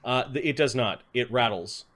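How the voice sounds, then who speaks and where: A man narrating as game master of a tabletop game, relaxed and chuckling, with many fillers. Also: medium pitch, normal speed, background noise.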